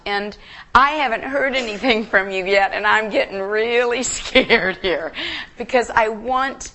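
A woman guest preacher giving an emotional, earnest sermon in a church, halting and restarting as she speaks. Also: on the high side, bright, forceful tone.

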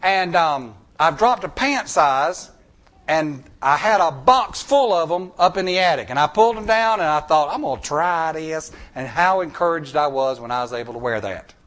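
A man's voice: a little high, expressive, normal speed, a bit bright. A man preaching a sermon in a church, emphatic and repetitive, with folksy jokes.

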